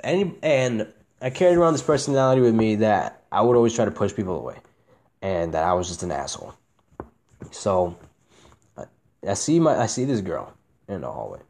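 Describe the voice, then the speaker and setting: A young man hosting a casual podcast, talking candidly and profanely, swinging between a flat monotone and excited bursts. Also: fairly low pitch, brisk, pauses often. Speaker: podcast host.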